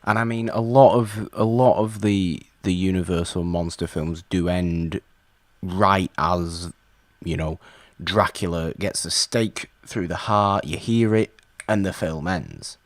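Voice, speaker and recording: A man co-hosting a podcast, chatting casually about old films in an animated way and stumbling over his words now and then. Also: deep voice, measured pace, no room sound. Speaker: podcast co-host.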